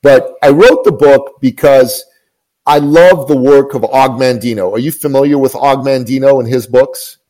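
A male guest who works as a business coach tells an inspirational story earnestly and emphatically, often repeating his phrases. His medium-pitched voice is warm and moderately paced, though the audio is poor.

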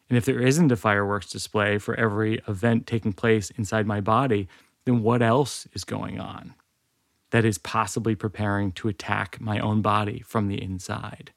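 A man's voice: on the low side, vocal fry, dry recording, clean studio sound. A man in his forties telling a personal story in a candid, wry, self-deprecating way. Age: 40s.

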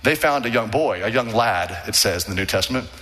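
Male pastor, earnest sermon delivery, bright forceful tone, long hall reverb. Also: expressive. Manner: earnest, emphatic, drops low and slow on key words. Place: large church sanctuary.

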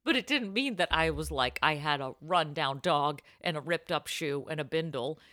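A young adult woman, a comedian and podcast host, telling a story in a breathless, laughing, animated way. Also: sits low, moderate pace, dry recording, studio quality. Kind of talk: casual storytelling chat.

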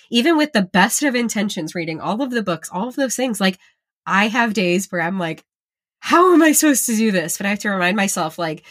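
A woman's voice: lowish voice, dry recording. A woman hosting a parenting podcast, chatting casually and affirming her guests, often saying "like". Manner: warm, affirming, casual filler "like". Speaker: podcast host. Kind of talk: casual interview chat.

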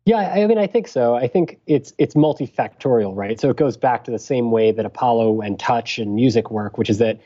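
A man, a physician and podcast guest, explaining a breathing technique in a measured, thoughtful way. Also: medium pitch, warm tone, highs cut off. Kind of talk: explanatory interview talk.

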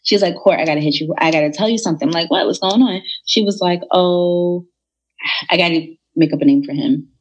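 A young woman telling a personal story in a casual, animated way, acting out the people in it. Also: lowish voice, brisk. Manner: animated, retells dialogue in voices.

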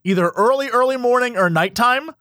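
A man co-hosting a casual comedy podcast, animated and jokey, sliding into silly voices. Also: very high-pitched, a little fast, dry recording, clean studio sound. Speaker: podcast co-host.

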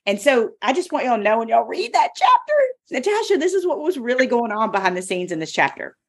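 A woman hosting a podcast who tells a personal story in an emphatic, expressive way. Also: fairly high pitch, quick pace, husky. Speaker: podcast host and author. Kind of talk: casual podcast chat.

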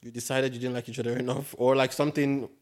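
A man talks quickly in a loose, casual chat. He hands out blunt advice and keeps asking rhetorical questions. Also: medium pitch, flat delivery.

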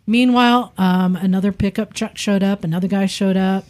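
A woman's voice: mid-range voice, normal speed. Woman telling a story animatedly. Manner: animated, acts out quoted voices. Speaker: podcast guest. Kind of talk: casual storytelling.

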